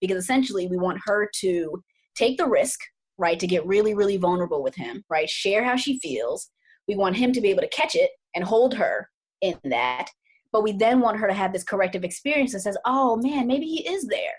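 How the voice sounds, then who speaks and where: A woman's voice: medium pitch, animated, a little fast, husky. A woman couples therapist talking through her approach in a casual podcast chat, earnest and thoughtful, often repeating words for emphasis.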